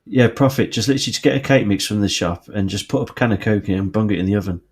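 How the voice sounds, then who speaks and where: A man's voice: fairly low pitch, fast, a little mellow. A man, joking playfully on a casual podcast. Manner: jokey, playful.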